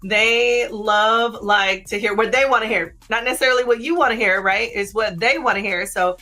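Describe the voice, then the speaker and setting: A woman hosting a casual live-stream of sex advice, chatty, with many fillers and "right?" tags, sometimes dropping into a low, slow voice to make a point. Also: bright, forceful tone. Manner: drops into a low slow voice to demonstrate. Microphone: streaming setup.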